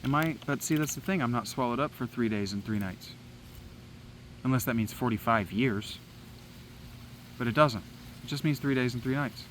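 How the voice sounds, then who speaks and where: A man's voice: medium pitch, normal speed, pauses often, fairly bright tone, slight background noise, poor audio. Agitated, profane man talking outdoors. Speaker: vlogger. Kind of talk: rambling spoken meditation. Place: outdoors in woods.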